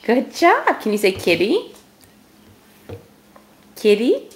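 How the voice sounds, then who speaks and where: A woman's voice: high-pitched, wildly swooping pitch, slow pace, pauses often, a little hiss or hum. A mother at home patiently coaxing her toddlers to sign, repeating simple words and praising each try.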